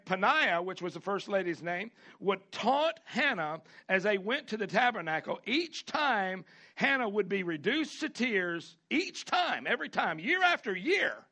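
A male pastor delivering a sermon with a high, bright voice and a gravelly edge. He talks fervently, circling back to key phrases and pressing them home. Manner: preaching with rising fervor, animated, repeats phrases.

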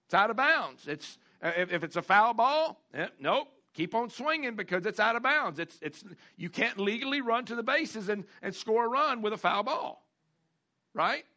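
Male pastor, high bright voice, folksy sermon delivery with call-and-response. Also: lively intonation. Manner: folksy preaching with call-outs, repeats and drawn-out emphasis.

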